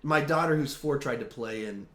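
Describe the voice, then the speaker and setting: A man in his thirties hosting a casual live-stream chat, animated, with trailing restarts and fillers. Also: medium pitch, moderate pace, roomy sound. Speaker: host.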